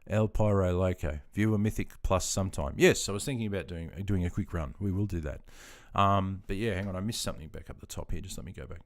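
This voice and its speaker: An easygoing Australian man in his fifties, hosting a casual livestream. His voice sits on the lower side. He chats loosely with his viewers, calls them mate and pokes fun at himself. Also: quick pace, few pauses. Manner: laid-back and chatty, calls viewers mate, self-deprecating. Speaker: livestream host. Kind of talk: casual livestream chat answering viewer comments.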